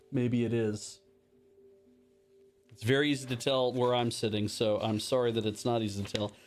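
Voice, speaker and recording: A man of ordinary pitch chats loosely to his livestream audience as he sorts through a game collection. He wanders from thought to thought, mocks his own clumsiness and lets a curse slip now and then. Faint music plays underneath. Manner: rambling, self-mocking, swears casually. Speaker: livestream host. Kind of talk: casual chat while unboxing and playing games.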